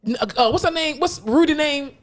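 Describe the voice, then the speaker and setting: A young woman with a stuffed-up, congested voice chats casually as a podcast co-host. She talks in an animated, laughing way, swears freely, and her voice sits a little high. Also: brisk. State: stuffed-up nose. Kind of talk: casual chat.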